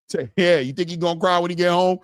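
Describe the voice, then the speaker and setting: A man hosting a casual boxing livestream, talking in an excitable, slangy way and hollering often. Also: high voice, smooth, no echo, clean studio sound. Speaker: boxing commentary host. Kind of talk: casual livestream fight commentary.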